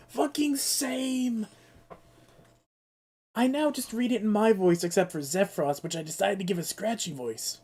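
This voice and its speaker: A man's voice: on the high side, darkish tone. A young man with a sore throat ranting and swearing through a casual live-stream of a game. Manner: ranting, exasperated, swears freely.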